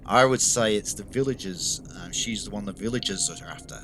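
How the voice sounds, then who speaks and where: A man's voice: fairly low pitch, fairly quick, a bit bright, slight background noise, natural voice. A man voicing an impatient, hostile male elf who speaks in curt, snappish threats.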